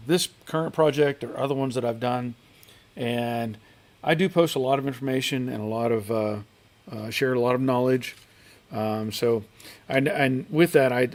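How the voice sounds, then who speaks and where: A man's voice: mid-range voice, a little mellow. Middle-aged man, casual live stream host, reads out viewer comments, greets each by name, home garage.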